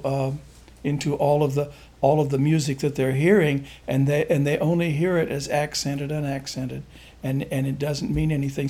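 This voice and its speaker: A man with a fairly high speaking voice talks through music in an interview. He rambles and halts, restarting his sentences as he hunts for the right words. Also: darkish tone, breathy edge. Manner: halting, rambling, searches for words with many restarts. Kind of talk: explaining folk music in an interview.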